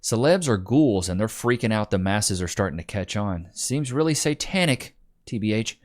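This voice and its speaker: A man's voice: on the low side, animated, normal speed. A young adult man hosting a casual vlog, rambling through stories in slangy talk full of "dude" and "bro". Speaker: YouTube commentator.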